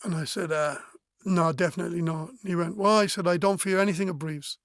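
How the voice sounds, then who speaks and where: A man's voice: high-pitched, fairly even intonation, quick pace, fairly bright tone, dry recording, clean studio sound. A man in his forties from Wales, a musician guest telling a personal story frankly and bluntly, acting out remembered conversations. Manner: frank, blunt, swears, acts out remembered dialogue.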